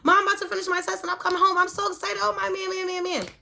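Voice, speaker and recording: A woman acting out her excited teenage daughter, who screams with joy and gushes in a rush. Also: extremely high pitch, racing, creaky, pitched above the performer's own voice, heavily acted. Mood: overjoyed.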